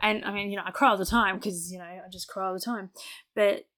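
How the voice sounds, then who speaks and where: A young adult woman co-hosts a relaxed podcast chat, talking fast in a mid-range pitch. She's candid, laughs often, and acts out her own past remarks as quoted bits.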